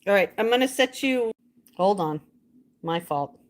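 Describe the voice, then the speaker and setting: A woman's voice: medium pitch, expressive, unhurried. Chatty woman vlogging from home. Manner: chatty, talks to herself while cooking. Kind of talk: casual chat to viewers. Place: home kitchen and outdoor yard.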